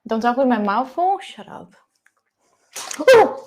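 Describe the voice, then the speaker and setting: A young Italian woman with an Italian accent streams from her home kitchen, tossing casual banter and the odd swear at her chat. Her voice sits a little high, and her pitch swings up and down a lot as she teases and questions. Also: expressive, moderate pace. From Italy. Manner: chatty, playful, swears freely, teases chat. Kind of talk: casual chat while cooking.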